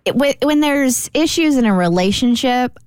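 A woman's voice: high voice, animated, moderate pace, a little mellow, clean tone, no echo, clean studio sound. A woman co-hosting a radio show, giving earnest and opinionated commentary. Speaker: radio co-host. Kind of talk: casual radio chat. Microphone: studio microphone.

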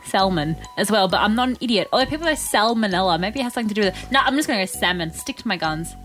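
A woman's voice: mid-range voice, lively intonation, racing, over music. An Australian woman co-hosting breakfast radio, chatty and self-mocking, often laughing at herself. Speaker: radio co-host.

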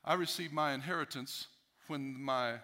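A man's voice: medium pitch, normal speed, sharp tone. A male pastor preaching a sermon emphatically, repeating key phrases for effect.

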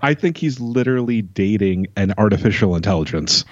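A man's voice: fairly low pitch, animated, brisk, no echo, muffled recording. Sarcastic, swearing man podcast co-host. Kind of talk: casual chat.

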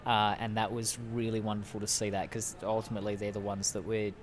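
Low-voiced earnest man. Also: little pitch movement, quick pace, soft background music. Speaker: podcast co-host and speaker. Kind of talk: casual chat.

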